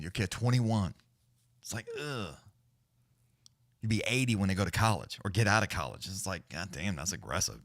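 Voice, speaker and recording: Low-voiced man calling fights on a livestream. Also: a bit bright, no echo, studio quality. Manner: rambling, profane, laid-back, with many restarts; fast play-by-play calling during fights. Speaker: livestream host giving fight commentary. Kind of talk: casual live-stream commentary.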